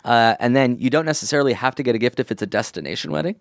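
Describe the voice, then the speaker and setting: A man co-hosting a podcast in casual chat, making wry deadpan puns. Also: mid-range voice, rapid-fire, vocal fry, dry recording, studio quality. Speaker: podcast co-host.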